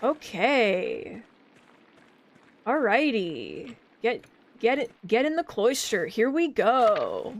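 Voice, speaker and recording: A woman's voice: a little high, sing-song, slow pace, slight background noise. A woman streamer giving casual gameplay commentary, with chatty, amused asides to her viewers. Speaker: streamer reading a game aloud. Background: faint lo-fi music.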